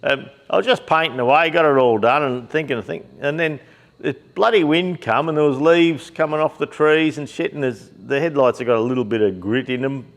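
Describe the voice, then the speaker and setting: A man's voice: a little high, brisk. A middle-aged Australian man, a shop owner, chatting casually to camera in his workshop shed, rambling and blokey with plenty of fillers and the odd swear word. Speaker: shop owner and YouTube host.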